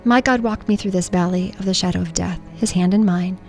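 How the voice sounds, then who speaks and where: Brief: middle-aged woman, memoir narration, earnest and emotional, gravelly edge, faint music under. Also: lowish voice, fairly quick, darkish tone. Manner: emotional, earnest storytelling with spoken sound effects. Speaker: podcast host reading her own story.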